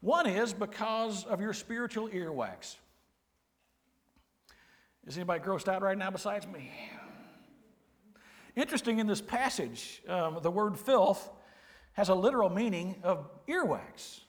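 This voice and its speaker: Folksy pastor in a reverberant hall. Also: male voice, sits high, lively intonation, measured pace, pauses often. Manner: folksy storytelling with humor, dropping to quiet earnest emphasis. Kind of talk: sermon.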